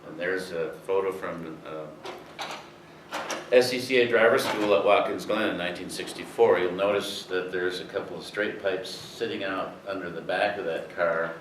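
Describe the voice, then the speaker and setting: An older man tells rambling racing anecdotes and history to an audience, with many fillers along the way. His low voice holds fairly even intonation at a moderate pace, and the recording is roomy and distant with a faint hiss.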